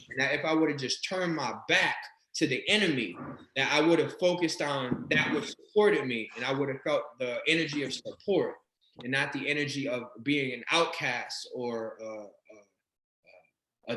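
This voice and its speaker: Brief: man, interview guest, loose profane storyteller, bright and forceful tone, roomy echo. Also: medium pitch. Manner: swearing, animated, laughing storyteller. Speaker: interview guest, regression practitioner. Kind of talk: casual storytelling chat.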